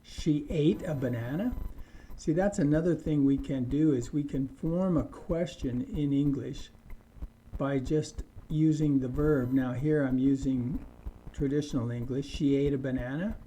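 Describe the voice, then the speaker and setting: A man teaching an English grammar lesson, saying example sentences slowly and deliberately. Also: mid-range voice, dark tone, slight background noise. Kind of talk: slow scripted grammar lesson.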